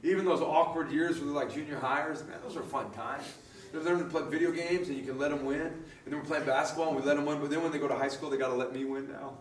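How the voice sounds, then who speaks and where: A man preaching a sermon in a relaxed, storytelling way, laughing often and restarting his sentences. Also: fairly high pitch, fast, roomy sound, far from the mic, a little hiss or hum. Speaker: pastor.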